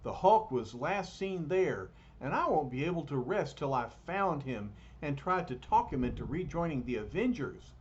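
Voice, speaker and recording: A man's voice: a little high, very animated, normal speed, hardly any pauses, a little hiss or hum. A man voicing an earnest, determined male superhero, on a dull lo-fi recording.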